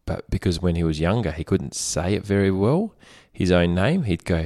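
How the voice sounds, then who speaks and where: Deep-voiced man, joking host. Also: lively intonation, normal speed, dark tone. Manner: joking, rambling storyteller. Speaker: podcast co-host. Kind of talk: casual chat.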